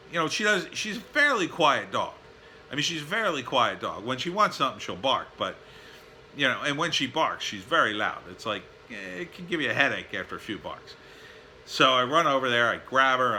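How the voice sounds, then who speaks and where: A man's voice: on the low side, bright, forceful tone, a little hiss or hum. A man in a casual vlog, telling a rambling story full of fillers and weary asides. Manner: rambling, with many fillers and tired sighing asides. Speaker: vlogger. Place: at home, backyard and indoors.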